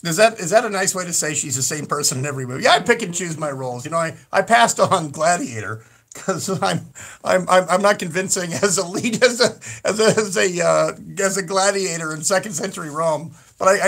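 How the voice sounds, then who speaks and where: A high-pitched man hosts a casual radio talk show. He talks in an animated, rambling way and trips over and repeats his words. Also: brisk, breathy edge.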